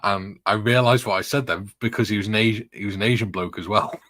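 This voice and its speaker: A man hosts a casual chat, reading out viewer comments and telling rambling anecdotes with frequent laughs. His voice is fairly low and fairly bright, his pace quick, and there's no room sound.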